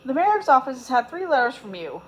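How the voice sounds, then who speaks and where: A prim, businesslike secretary, put on by a woman reading a storybook aloud, speaks in a high, fluty voice. She says each word slowly and precisely. A faint hiss sits behind her. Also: very animated, rough recording. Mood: formal.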